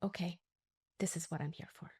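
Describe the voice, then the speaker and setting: A woman in her sixties, a guest on a podcast, telling a story in an animated way and acting out the quoted lines. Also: normal speed, husky, no room sound, studio quality. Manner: animated, acts out quotes with pitch leaps. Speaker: podcast guest, dental implant educator. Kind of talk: conversational storytelling.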